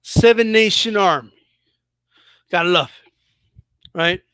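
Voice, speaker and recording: A man hosting his own boxing channel, giving casual, animated commentary with a mocking edge and frequent restarts. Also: high-pitched, unhurried, clear, resonant tone, no echo.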